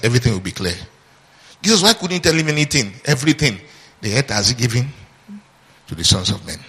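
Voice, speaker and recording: Bright-voiced preacher in a reverberant hall. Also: male voice, lowish voice. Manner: call-and-response questions to the congregation. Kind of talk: sermon.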